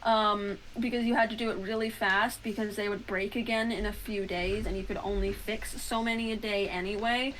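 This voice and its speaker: A woman's voice: medium pitch, normal speed, few pauses, slight background noise, low-quality recording. Casual woman running a tabletop game. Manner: relaxed, many fillers and trailing asides. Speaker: game master.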